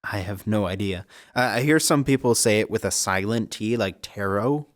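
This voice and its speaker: A man's voice: fairly low pitch, moderate pace, no room sound, clean studio sound. A man co-hosting a casual card game podcast, chatty and upbeat, laughing often and stumbling over words now and then. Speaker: co-host.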